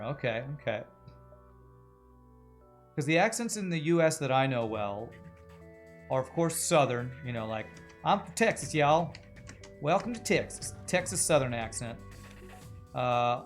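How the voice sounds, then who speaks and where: A man in casual livestream chat, talking through his game and wandering off into musings about how voices work. His voice sits at an ordinary middle pitch, and soft game music plays faintly behind him. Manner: chatty, muses aloud about voices and accents while playing. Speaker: streamer.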